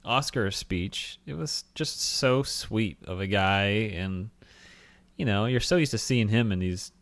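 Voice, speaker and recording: A man's voice: fairly low pitch, expressive, unhurried, a bit bright, dry recording. A man co-hosting a casual film-review podcast, rambling with fillers and laughing often. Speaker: podcast co-host.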